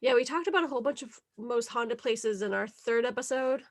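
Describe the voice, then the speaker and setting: A woman's voice: on the high side, brisk, no echo, studio quality. Upbeat woman hosting a podcast. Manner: upbeat, laughs easily, leads the segments. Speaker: podcast host. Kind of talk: casual chat.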